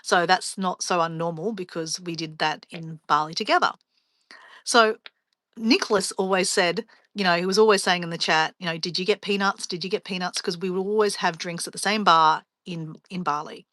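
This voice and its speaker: A woman's voice: lowish voice, normal speed, sharp tone, no room sound. A woman hosting a casual live stream as a travel vlogger, telling rambling stories and laughing often.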